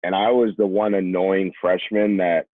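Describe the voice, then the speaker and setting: With a low voice and a flat delivery at a moderate pace, the young New York podcast guest, once a college running back, relates casual stories and mimics the people he quotes. The audio comes through a tinny, phone-like remote line, dry and echo-free.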